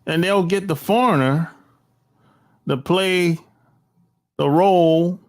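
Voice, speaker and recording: A man's voice: high voice, slow pace. A man talking straight into his phone, blunt and slangy, with mocking asides. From United States. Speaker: vlogger. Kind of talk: casual opinion monologue. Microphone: cell phone.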